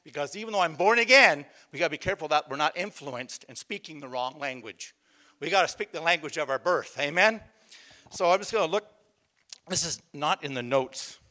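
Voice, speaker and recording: Male pastor, sermon, bright forceful voice, slightly high, emphatic. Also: animated, fairly quick. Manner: emphatic, calls out to the congregation; conversational storytelling with repeated restarts.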